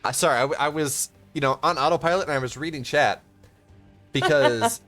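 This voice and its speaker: Lively young male esports caster. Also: on the high side, gravelly, faint music behind. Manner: rambling, self-interrupting, quick to laugh. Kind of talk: live game commentary.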